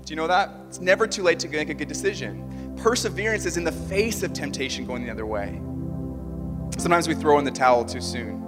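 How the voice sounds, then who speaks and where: A man's voice: fairly high pitch, lively intonation, fairly quick, pushed and bright. A man in his thirties preaching a sermon as a pastor, conversational and self-deprecating, with quoted asides. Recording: music under a long hall reverb.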